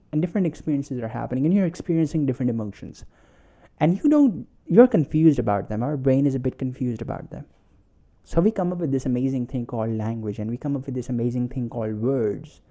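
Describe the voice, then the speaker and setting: A man's voice: medium pitch, warm tone. A man hosting a solo self-help podcast, telling a story and acting out quotes, with many fillers and restarts. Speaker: podcast host.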